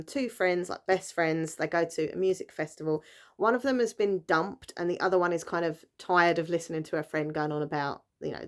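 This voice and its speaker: A British woman chatting casually on her vlog, rambling along with lots of fillers and self-corrections. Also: on the low side. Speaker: book vlogger. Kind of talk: casual chat.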